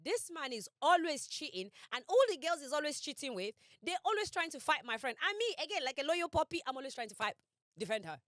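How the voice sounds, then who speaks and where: A young woman tells a personal story on a podcast, animated and emphatic. She acts out what people said with big dramatic swings in her voice. The sound is dry and close. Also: quick pace, no echo. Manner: animated, emphatic, quotes herself and others with dramatic pitch swings. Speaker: podcast co-host. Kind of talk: casual storytelling chat.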